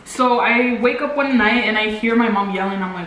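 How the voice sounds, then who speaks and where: A young woman co-hosts a vlog, chatting casually and telling rambling stories packed with fillers, especially "like." Her voice sits on the high side and is fairly bright, at a normal speed with hardly any pauses. The room is echoey, the mic is at a distance, and there's faint music plus slight background noise.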